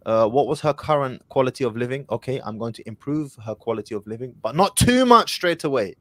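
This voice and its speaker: A man's voice: medium pitch, lively intonation, fairly quick, a bit bright, no room sound. A man hosting an advice call-in show, speaking confidently and directly, with Arabic phrases mixed in. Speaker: host.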